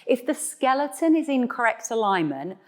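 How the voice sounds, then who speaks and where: A woman's voice: a little high, big pitch swings, normal speed. A woman teaching an online Pilates class, cueing breath and counting reps with encouraging, chatty explanations. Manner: playful asides to viewers. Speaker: Pilates instructor. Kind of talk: guided online exercise class.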